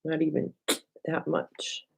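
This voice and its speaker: A woman's voice: slow, a little mellow, low-quality recording. A middle-aged woman hosting a casual crafting livestream at her home craft table. She chats with viewers by name, thinks aloud and talks to herself as she works.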